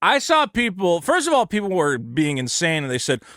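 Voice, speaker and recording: A man with a slightly high voice, recorded close and dry, chats casually as a podcast co-host. He is blunt and animated, swears freely and mocks imagined critics in mock-quoted rants. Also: normal speed, no echo. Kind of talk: casual card-game chat.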